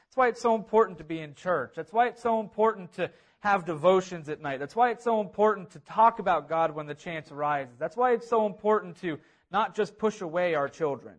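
A man's voice: high voice, lively intonation, fairly quick. A man preaching a sermon, earnest and repetitive, building emphasis on key phrases. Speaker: pastor.

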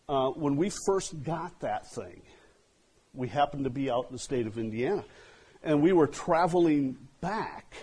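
A pastor telling a story in a sermon, swinging from loud outbursts to hushed asides. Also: male voice, medium pitch, breathy edge.

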